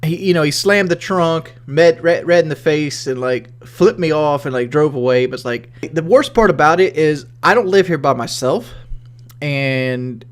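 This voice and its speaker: A man's voice: a little high, expressive, normal speed. A man with a Southern accent, livestreaming in a rambling, profane, casual way and reading questions from chat. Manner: rambling and profane, many "like" fillers.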